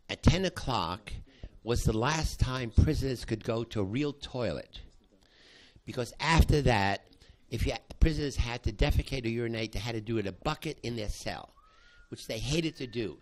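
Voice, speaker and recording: Older man telling a story in halting bursts. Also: medium pitch, animated, a little mellow. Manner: halting, with many restarts, acting out quoted voices. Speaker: psychology professor recounting a past study. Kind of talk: spoken storytelling to an audience.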